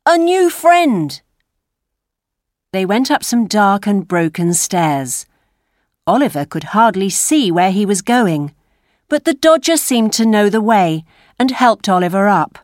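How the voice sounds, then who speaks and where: A woman narrating a classic story aloud for language learners, slow and expressive. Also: medium pitch, no room sound, clean studio sound. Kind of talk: reading a graded story aloud.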